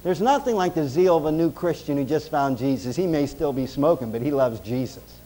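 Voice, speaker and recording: A man preaching a sermon as pastor, emphatic, swinging between loud stresses and hushed closing prayer. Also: fairly high pitch, expressive, a little fast, rough recording.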